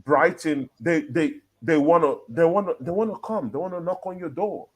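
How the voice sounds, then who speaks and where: A man's voice: fairly high pitch, moderate pace. A man co-hosting a football chat show, talking casually and with lots of energy, often checking in with "yeah?" and "right?" and breaking into laughs. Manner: animated, laughing, walks through his argument with "yeah?" and "right?". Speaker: football podcast co-host.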